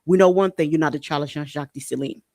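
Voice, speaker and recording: A man's voice: fairly high pitch, quick pace, mellow, no echo. A man hosting a podcast, delivering an impassioned political monologue, fiery and repetitive, swearing and hammering his points home. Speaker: podcast host.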